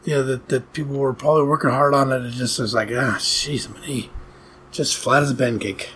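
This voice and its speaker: A man's voice: mid-range voice, fairly even intonation, brisk, fairly bright tone, a little hiss or hum. A man co-hosting a podcast in casual chat, rambling incredulously about a movie. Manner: rambling, incredulous, laughing asides. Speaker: podcast co-host reviewing a movie.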